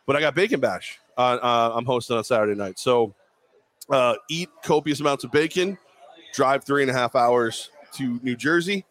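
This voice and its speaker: A man's voice: mid-range voice, moderate pace, a bit bright. A man co-hosting a casual sports talk show, telling jokey, self-mocking stories.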